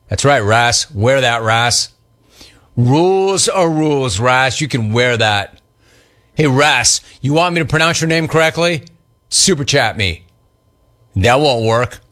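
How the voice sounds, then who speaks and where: A man's voice: mid-range voice, lively intonation, unhurried, fairly bright tone. A man hosting a live talk show, reading out listener complaints and teasing a caller about his name. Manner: teasing, mocking repetition. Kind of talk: casual live show banter.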